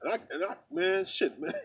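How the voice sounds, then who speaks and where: Guy with a high voice telling a story, lots of cussing and "you know man", sounds far from the mic outside. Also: a bit bright, slightly rough. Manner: rambling, profane, repeats himself, fills with "you know" and "man". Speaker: religious group member telling a story. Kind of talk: casual storytelling.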